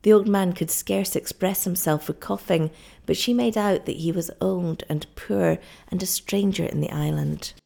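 A woman narrating an audiobook with dramatic, expressive delivery. Her voice is lowish and gravelly, with a dark, mellow warmth. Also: moderate pace.

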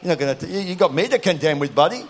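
A man voicing a blunt, protective male angel who threatens a lion in a low, streetwise tone. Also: expressive, racing. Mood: threatening.

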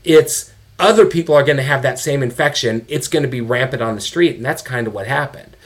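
A man's voice: mid-range voice, brisk. Middle-aged man telling a raw story. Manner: animated, swears, quotes people in their own voices. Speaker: guest, father of an addicted son. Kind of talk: candid conversational storytelling.

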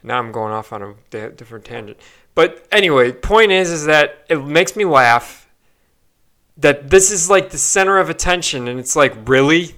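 A man's voice: fairly high pitch, animated, normal speed, fairly bright tone. A young man ranting on a solo podcast, swearing often and stumbling through fillers and restarts. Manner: profane, frustrated ranting with frequent fillers and restarts. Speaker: podcast host.

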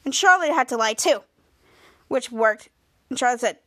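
A woman's voice: sits high, moderate pace, long pauses, pushed and bright. A woman hosting a podcast, retelling a TV episode in a rambling, run-on way with many restarts. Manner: quotes characters in a raised voice. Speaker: podcast host. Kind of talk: casual episode recap.

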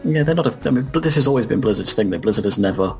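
A man with a fairly low voice talks through details in a relaxed, informative way. He is co-hosting a casual podcast chat, with faint music under him. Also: racing. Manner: explanatory, informative. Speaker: podcast co-host. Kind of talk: casual discussion.

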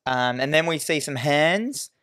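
A man's voice: a little high, expressive, a little slow, fairly bright tone, no echo, clean studio sound. A man, co-hosting a podcast and recapping a horror film in irreverent casual chat, swearing freely. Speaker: podcast co-host.

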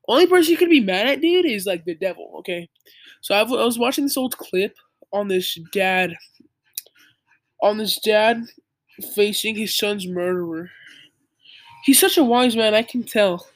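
An earnest young speaker lectures the listener in a casual, preachy monologue. The talk is informal and full of "like" fillers, at a middling pitch. The sound is dry and close. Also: no echo. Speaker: young believer giving religious advice.

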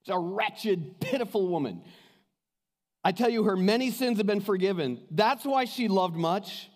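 In a reverberant hall, a high-voiced male pastor preaches at a normal speed. He brings his stories to life energetically, imitating the voices of those he quotes.

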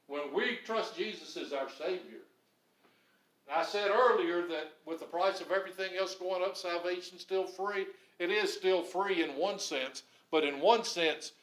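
A man's voice: high-pitched, lively intonation, measured pace, fairly bright tone, distant mic. A male pastor preaching a sermon, building emphasis through repeated phrases, recorded in a church. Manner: preaching with rising emphatic repetition. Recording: echoey room, voice from off-mic.

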